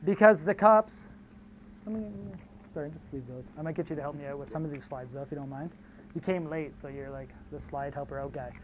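A man giving a casual storytelling lecture, animated, slangy and profane, drifting into asides. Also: fairly high pitch, brisk, a little hiss or hum. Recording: tinny phone-like audio.

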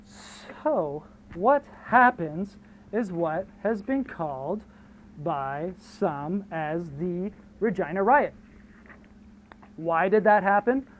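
A man giving a casual storytelling lecture, animated, slangy and profane, drifting into asides. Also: sits high, slow pace, slight background noise. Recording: tinny phone-like audio.

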